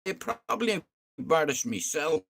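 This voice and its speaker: A young man with a raised, fairly high voice tells a long story on a live stream. He rambles and swears freely, and he keeps checking in with "you know what I mean". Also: big pitch swings, normal speed, gravelly, fairly bright tone. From Ireland. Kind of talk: casual storytelling to viewers.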